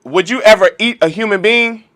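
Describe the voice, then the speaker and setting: A man's voice: sits high, brisk, fairly bright tone. A man teaching a religious law class, preaching emphatically and firing off rhetorical questions. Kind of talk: lecture-style sermon.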